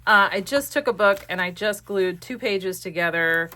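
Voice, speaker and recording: A woman's voice: mid-range voice, normal speed, bright, forceful tone. A woman chatting casually and rambling with many fillers in a crafting vlog, recorded at home on a desk camera. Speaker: crafting vlogger.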